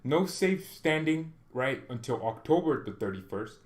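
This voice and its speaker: A man hosting a fan channel, ranting in a chatty, animated way and often tagging sentences with questions. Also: fairly high pitch, measured pace. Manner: animated ranting with bursts of loud exclamation; chatty, frequent "right?" tag questions. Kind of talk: casual opinion vlog.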